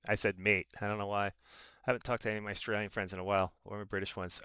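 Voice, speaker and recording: Bright, crisp-voiced male trading host. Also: lowish voice, very fast, no room sound. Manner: casual, hesitant with fillers and restarts. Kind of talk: live market chat.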